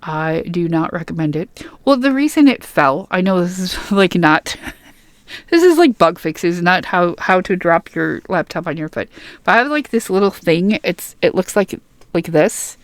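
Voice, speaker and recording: A woman's voice: lowish voice, expressive, a little slow, no echo. A young woman reading game patch notes aloud and rambling between them in casual, chatty commentary full of fillers and restarts. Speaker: gaming YouTuber.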